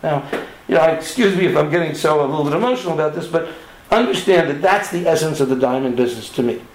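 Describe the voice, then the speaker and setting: Man, fairly high voice, impassioned appeal, echoey room. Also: fast. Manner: impassioned, emphatic, repetitive. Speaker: head of a diamond trading network. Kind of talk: earnest appeal to members.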